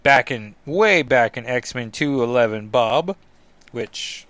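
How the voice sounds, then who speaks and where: A man's voice: medium pitch, animated, moderate pace, fairly bright tone, smooth. A man hosting a comic book podcast, giving casual, rambling commentary with jokey asides.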